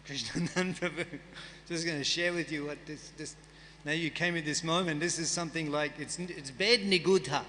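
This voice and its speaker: A man's voice: a little high, fairly even intonation, normal speed, pushed and bright, big-room sound, a little hiss or hum. A man giving a scripture class, reading and chanting verses and then explaining them in a conversational way. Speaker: guest speaker at a temple festival. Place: temple hall.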